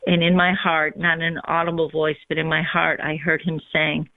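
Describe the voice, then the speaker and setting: Woman telling her faith story slow and thoughtful, lots of ums, kinda monotone, sounds like a phone call. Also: deep voice, vocal fry, no echo. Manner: reflective, unhurried, with frequent ums. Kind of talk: personal testimony in conversation. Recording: tinny phone line.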